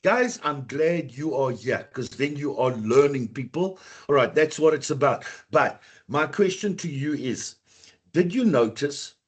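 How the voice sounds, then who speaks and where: A man's voice: on the high side, lively intonation, unhurried, breathy edge. A man teaching a live online computer class, chatty and encouraging, talking straight to his students.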